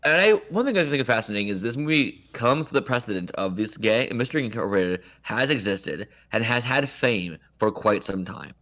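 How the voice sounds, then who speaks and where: A man's voice: on the low side, expressive, fairly quick, hardly any pauses, a bit bright. A man co-hosting a podcast, chatting casually and quoting movie lines in playful voices. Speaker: podcast co-host. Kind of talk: casual chat.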